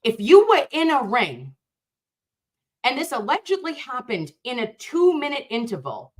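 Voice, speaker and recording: A woman's voice: high voice, wildly swooping pitch, measured pace. A woman hosting a livestream, reading viewer comments aloud and speaking fervently, with emphatic repeated phrases.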